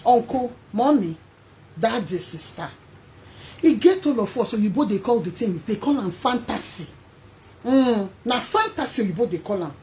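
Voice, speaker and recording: A woman with a Nigerian accent hosting her own vlog, talking straight to her viewers in an emphatic, animated way. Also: fairly high pitch, normal speed, slight background noise. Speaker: host. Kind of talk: casual vlog monologue.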